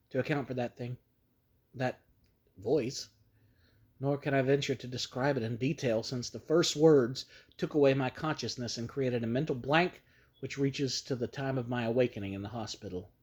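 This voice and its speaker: A man narrating a horror story in a grave, measured storytelling manner. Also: medium pitch, steady tone, a little mellow, husky. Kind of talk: dramatic reading of a horror story.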